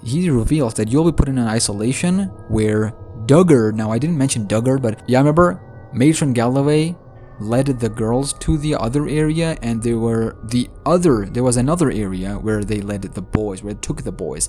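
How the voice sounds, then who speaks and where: A man casually recapping a horror book's story for viewers, excitable and slangy, talking straight to his audience. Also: mid-range voice, moderate pace, faint music behind. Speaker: YouTuber retelling a game's book story.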